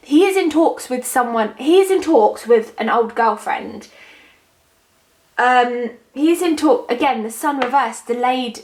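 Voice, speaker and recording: A woman's voice: fairly high pitch, a little hiss or hum. A young woman doing a casual tarot reading to camera, chatty and rambling with frequent ums. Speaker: psychic tarot reader.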